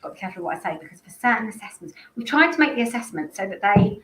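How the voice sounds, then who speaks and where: A woman's voice: mid-range voice, big pitch swings, rapid-fire, fairly bright tone, slight background noise. A woman hosting a casual live stream about dog behaviour training, talking in a rambling, chatty way full of restarts and asides. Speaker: dog behaviour school host. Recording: echoey room with faint ambience.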